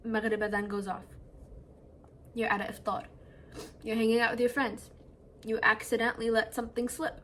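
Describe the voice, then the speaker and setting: Speaking at a fairly high pitch with a somewhat bright tone, this young woman talks at normal speed but flatly, leaving long pauses. She's a vlogger seated at home late at night, earnestly chatting to her phone camera with lots of "like" fillers, over a slight hiss or hum.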